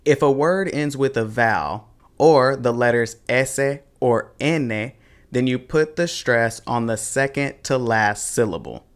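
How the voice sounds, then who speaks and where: A man's voice: mid-range voice, clear, resonant tone. A man teaching a pronunciation lesson in a scripted video, with a casual slangy manner. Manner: casual slangy, slow and deliberate. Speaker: Spanish teacher.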